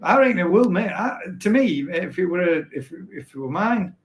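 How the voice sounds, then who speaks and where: A man's voice: high voice, animated, normal speed. A man hosting a casual live stream, chatting and reading out viewer comments in a rambling, self-correcting way. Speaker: host.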